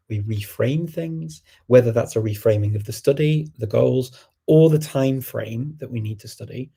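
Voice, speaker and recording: A man's voice: mid-range voice, gravelly, mellow, husky. A man hosting a language learning show, giving casual, reassuring and encouraging advice.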